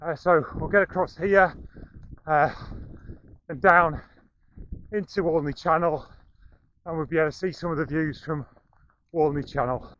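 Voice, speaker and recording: A man's voice: a little high, fairly even intonation, unhurried, long pauses, a bit bright, lo-fi sound, slight background noise. A middle-aged man, slightly out of breath, giving a running commentary with dry self-deprecating humour as he jogs outdoors. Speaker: running vlogger. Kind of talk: running commentary while jogging. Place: outdoors, running through town and over a bridge. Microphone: action camera carried while running.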